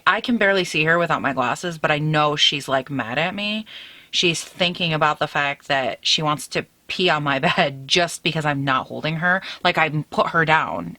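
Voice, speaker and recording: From her bedroom, a beauty YouTuber in her late twenties talks casually to camera, cheerful and chatty, calling everyone "girl." She has a deep voice with a sharp tone, and the recording has no room sound.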